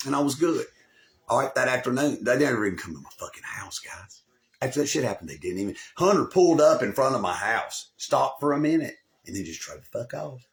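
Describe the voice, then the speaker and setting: A man spins a long, rambling tale straight to camera, swearing in nearly every sentence and bragging as he goes. His voice sits at an ordinary middle pitch, and he repeats himself and restarts when he loses his place. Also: creaky. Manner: swaggering, boastful, swears constantly, loses the thread and repeats himself. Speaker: channel host telling a personal story. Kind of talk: rambling profane storytelling to camera.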